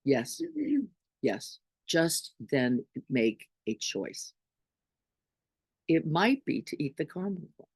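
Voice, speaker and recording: A woman's voice: low voice, very animated, takes it slowly, pauses often, a little mellow, slightly rough, no room sound. A middle-aged woman giving an informal spiritual talk to a group as its teacher, in a conversational way that keeps checking in with her listeners. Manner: conversational, often checks in with "right?".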